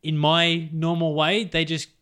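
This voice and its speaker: An Australian man on a chatty podcast, walking his co-hosts through an idea point by point. His voice is smooth and resonant, sitting a little high for a man. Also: monotone, a little slow, sharp tone. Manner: explains ideas step by step. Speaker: podcast co-host. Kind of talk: casual chat.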